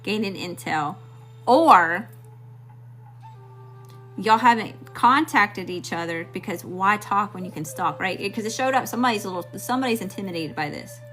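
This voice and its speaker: A woman's voice: medium pitch, lively intonation, moderate pace, a bit bright, faint music behind. A woman from Mississippi with a Southern accent, giving a blunt, slangy live tarot reading straight to her viewers. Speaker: tarot reader.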